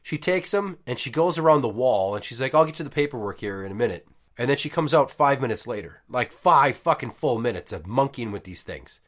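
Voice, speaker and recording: A podcast host in his thirties, mid-range in pitch and a bit fast, shares a casual story from home. His telling is animated and profane, with quotes acted out.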